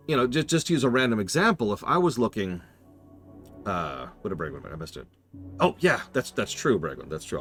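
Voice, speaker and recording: Rambling low-voiced man streaming a game. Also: fairly bright tone. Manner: rambling, self-interrupting, talks to chat. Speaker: game streamer reviewing a horror game. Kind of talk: casual live-stream commentary.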